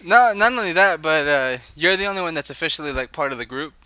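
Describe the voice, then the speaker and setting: An excitable young man co-hosting a podcast, teasing his friends. His voice is high and swings widely in pitch. It has a very bright, sharp timbre and is recorded dry. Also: quick pace, smooth, no echo. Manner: excitable, teasing, laughs a lot. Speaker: podcast co-host. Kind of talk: casual chat.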